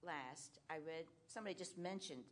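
A woman's voice: low voice, normal speed. A woman from the audience telling a chatty anecdote. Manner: chatty storyteller. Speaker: audience member.

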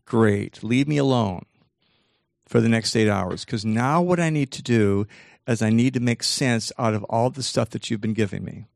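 A man's voice: mid-range voice, normal speed, vocal fry, a little mellow, no echo, studio quality, natural voice. A man voicing a listener's own brain as a blunt, dismissive figure that only cares what it is told. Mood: weary. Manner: blunt, dismissive, matter-of-fact. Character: a person's own brain, talking back.

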